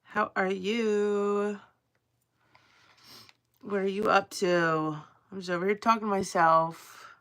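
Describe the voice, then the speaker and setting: A woman's voice: medium pitch, steady tone, slow pace, pauses often, fairly bright tone, clean tone. A woman live streaming from home while crafting, rambling casually and swearing freely as she chats to her viewers. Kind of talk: casual livestream chat to viewers.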